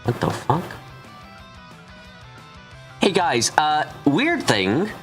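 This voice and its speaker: A man's voice: on the high side, huge pitch swings, drawn-out words, a bit bright, soft background music. Exasperated, swearing gameplay commentator man. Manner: incredulous, profane, exasperated. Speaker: let's play host.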